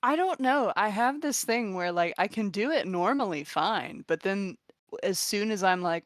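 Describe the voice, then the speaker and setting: A woman player chatting casually with her group, eager and quick to laugh. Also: mid-range voice, animated, no room sound, clean studio sound. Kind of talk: casual chat.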